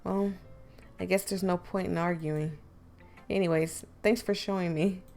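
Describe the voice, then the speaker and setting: A dry, socially awkward teen boy from a visual novel speaks in a lowered, flat voice, as a woman acts him out. His delivery is slow and gravelly. Faint music runs underneath.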